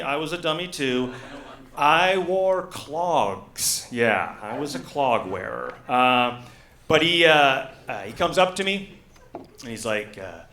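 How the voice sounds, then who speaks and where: A man in his forties performing a stand-up comedy set, telling deadpan stories with lots of uh fillers. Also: fairly high pitch. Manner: deadpan storytelling with frequent uh fillers. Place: comedy gala stage. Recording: echoey room.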